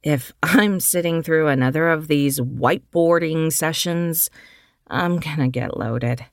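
A woman's voice: low-pitched, measured pace, no echo, studio quality. A woman voicing a tough, protective young woman who talks bluntly and swears. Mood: stern.

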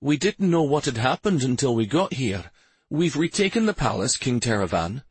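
A man voicing a steady warrior prince who gives firm orders and speaks softly to the frightened, in a storybook reading. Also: mid-range voice, normal speed, breathy edge, no echo, pitched above the performer's own voice. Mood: commanding. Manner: firm, demanding; gentle with the frightened. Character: commanding, steady young male prince warrior.

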